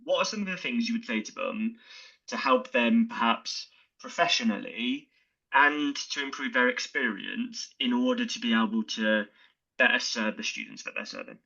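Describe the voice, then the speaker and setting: A male podcast host asks a long, carefully phrased question. His voice is gravelly with a bright, forceful edge. The audio sounds dull and slightly lo-fi. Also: medium pitch, sing-song, normal speed. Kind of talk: interview question.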